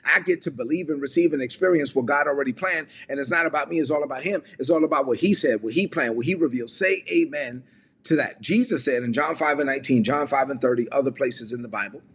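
A man's voice: mid-range voice, fast talker, fairly bright tone, breathy edge. A man preaching a livestreamed sermon as a pastor, repeating key phrases and calling on viewers to respond in the chat. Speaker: pastor and ministry leader.

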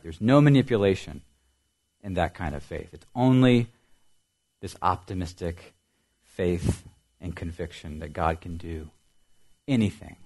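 Pastor guy preaching, lowish voice, gets loud then drops real soft, repeats himself a lot. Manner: dynamic preaching, swings from loud emphasis to soft near-whispers. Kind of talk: sermon.

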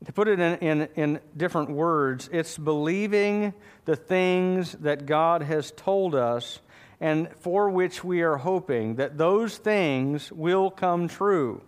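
A high-pitched man delivers a sermon at an unhurried pace. He preaches with emphasis, leaning on key words and calling for amens from the congregation in a church. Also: clear, resonant tone. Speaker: pastor.

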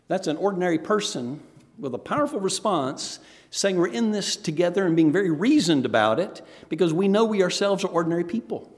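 A man's voice: high-pitched, a little fast, gravelly. A middle-aged man preaching a sermon, telling stories and acting out quoted voices along the way. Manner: storytelling, animated, acts out quoted voices. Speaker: former pastor, missionary speaker. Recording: reverberant hall.

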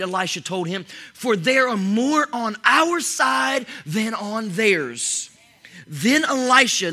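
A man delivering a fired-up sermon in a high, very bright voice. He shifts from near-shouting to soft whispers and stumbles into quick restarts and repeated words as he builds momentum. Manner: animated, shifting between loud exclamations and soft whispers. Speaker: pastor. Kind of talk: energetic sermon.

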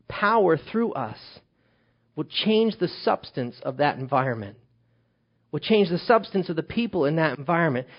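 A man preaching a sermon as pastor, swinging from loud emphatic calls to hushed, quiet lines. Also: fairly high pitch, expressive, normal speed, lo-fi sound.

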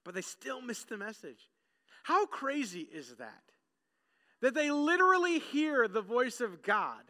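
A man preaching with a strikingly high, bright voice that rings out in a long-echoing hall. He delivers his sermon in an animated way and acts out the crowd's voices as he goes. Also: measured pace. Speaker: pastor.

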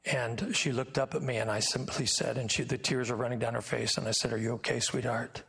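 A man's voice: mid-range voice, steady tone, fairly quick, vocal fry, fairly bright tone, slightly rough. A man who is a guest pastor, telling a personal story in an earnest sermon, often restarting his phrases. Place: church sanctuary. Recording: long hall reverb.

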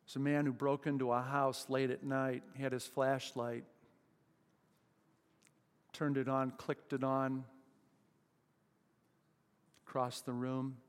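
A male pastor preaches slowly and deliberately and puts questions to his congregation. His emphatic exclamations rise and ring out through a church. A long reverb trails after each phrase. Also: mid-range voice. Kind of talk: sermon.

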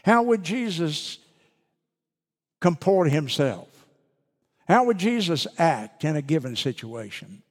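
A man preaching a sermon as pastor, earnest and emphatic with deliberate pauses. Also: on the high side, very animated, in a large hall.

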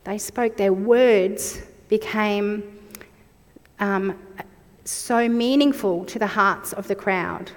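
Slow, reflective woman preaching in a hall. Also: mid-range voice. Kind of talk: sermon.

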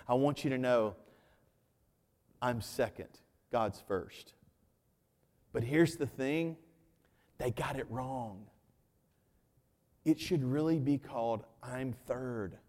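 A man preaching a sermon as pastor, animated and joking with the congregation, dropping to hushed emphasis on key points. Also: a little high, long reverb tail. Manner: jokes with the congregation.

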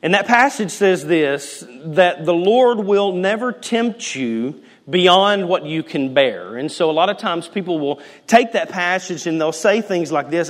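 A man preaching a sermon as a pastor, chatty and jokey, swinging between loud emphasis and hushed near-whispers. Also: high-pitched, expressive, measured pace, hardly any pauses. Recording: long hall reverb.

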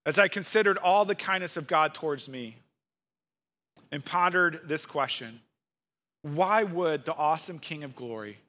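A man in his thirties preaching a sermon in church, earnest, building through repeated rhetorical questions and dropping soft at times. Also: on the high side, a little slow, pauses often. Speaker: pastor.

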